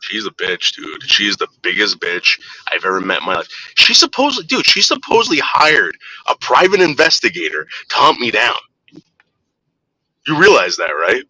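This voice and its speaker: A man's voice: on the low side, wildly swooping pitch, normal speed, pushed and bright, breathy edge, rough recording. A man ranting angrily and cursing in a casual livestream chat, repeating names and stammering when worked up. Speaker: livestream co-host.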